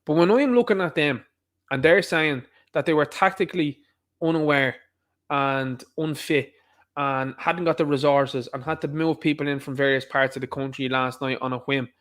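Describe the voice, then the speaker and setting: Emphatic Irish man, fairly high voice. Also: normal speed, fairly bright tone. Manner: emphatic, repetitive, rhetorical questions. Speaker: online commentator. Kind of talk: opinionated monologue.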